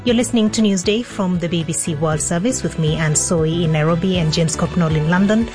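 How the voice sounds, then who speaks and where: A woman with a fairly low voice presents international radio news from a studio. Her delivery is measured and formal. Theme music plays clearly beneath her.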